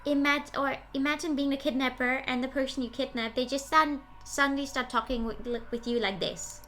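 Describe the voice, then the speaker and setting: A woman putting on a bubbly, chirpy high voice on her game stream, rambling and giggling. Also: fairly even intonation, a little fast, a bit bright, a little hiss or hum. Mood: giggly.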